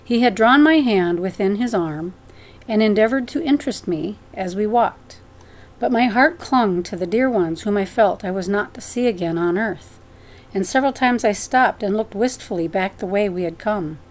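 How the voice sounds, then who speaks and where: Female audiobook narrator, earnest and measured, reads a devout memoir at a mid pitch. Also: animated. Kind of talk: audiobook reading of a first-person memoir.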